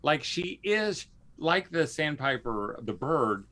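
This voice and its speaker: Bright-voiced man hosting a podcast. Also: on the high side, sing-song, slow pace. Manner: rambling, with many fillers and restarts. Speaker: podcast host. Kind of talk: casual podcast talk.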